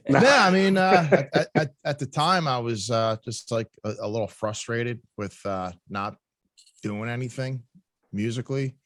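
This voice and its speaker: A man's voice: mid-range voice, moderate pace, fairly bright tone, no echo. Hesitant man answering in a dry room. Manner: hesitant, full of fillers and restarts. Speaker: guest musician. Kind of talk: casual interview answer.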